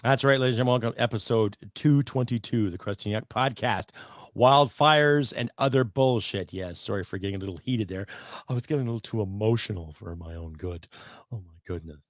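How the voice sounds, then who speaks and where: A man's voice: lowish voice, fast talker, no echo, studio quality. A man in his fifties hosting a solo podcast, ranting bluntly with profanity and sarcasm. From Canada. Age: 50s. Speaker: podcast host.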